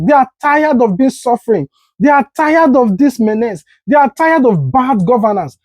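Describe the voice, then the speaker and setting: Indignant Nigerian woman commenting, warm voice. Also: on the high side, expressive, moderate pace, no echo. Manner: indignant, rhetorical. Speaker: commentary host. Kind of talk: political commentary.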